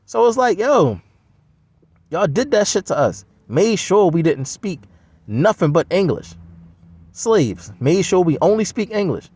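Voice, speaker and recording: A man's voice: high-pitched, sing-song, measured pace, a little mellow, breathy edge, dry recording. A man delivering a blunt, heavily profane, scoffing solo rant. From United States.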